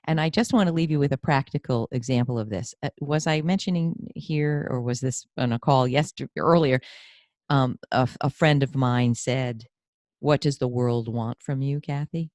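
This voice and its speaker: A woman hosting a podcast interview as a career coach, effusive and animated, telling personal stories. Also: rumbling low, normal speed, dry recording, studio quality.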